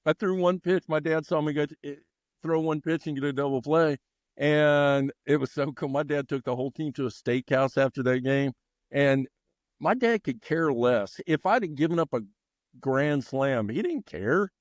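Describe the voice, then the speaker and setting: A middle-aged man, a longtime baseball coach and teacher, telling stories with lively energy as a podcast guest. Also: fairly high pitch, normal speed, no echo, clean studio sound. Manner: animated, energetic storyteller. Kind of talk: storytelling in a podcast interview.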